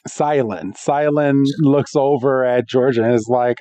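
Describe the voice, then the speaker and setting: Lively male podcast co-host, dry sound. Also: on the high side, no room sound. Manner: animated storytelling, quick laughs. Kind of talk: casual episode recap chat.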